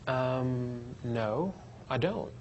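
A hesitant office coworker who apologizes and offers to help, played by an actor in a training video. He speaks at a mid pitch, with faint background noise. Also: expressive, drawn-out words, a little mellow. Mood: apologetic.

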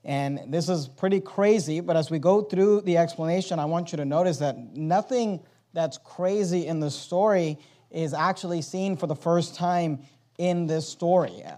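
Preacher guy w a high mellow voice, slows down to hammer key words in his sermon. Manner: preaching with rising intensity and emphatic stresses; reads scripture aloud, slowing on key phrases.

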